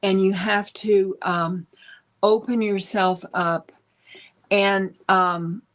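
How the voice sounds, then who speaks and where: Woman, intuitive guest reader; slow, searching delivery, mid-pitched. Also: steady tone, fairly bright tone. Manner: slow and searching, with many restarts and ums. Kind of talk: casual spiritual guidance talk.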